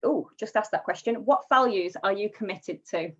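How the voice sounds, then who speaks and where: A woman hosting a casual interview, enthusiastic and quick to praise. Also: mid-range voice, a bit bright. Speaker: host. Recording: dull lo-fi sound.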